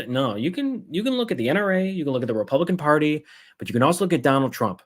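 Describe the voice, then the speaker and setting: A man hosting a political livestream launches into an angry, heated rant, swearing and mimicking others sarcastically. His mid-range voice swings widely in pitch, and he talks fast.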